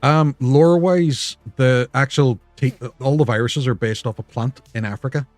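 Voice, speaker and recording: Young male co-op streamer, rambling joker, mid-pitched, light music behind. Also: moderate pace, darkish tone, no room sound. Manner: joking, rambling storyteller, sweary. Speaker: guest co-op player. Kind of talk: casual gaming stream chat.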